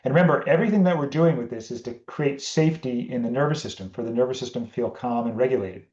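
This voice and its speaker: A man's voice: medium pitch, fast, roomy sound, dull audio. A man hosting a podcast, explaining a family communication tool in a casual teaching talk and acting out conversations with his daughter. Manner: animated, acts out family conversations. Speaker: podcast host.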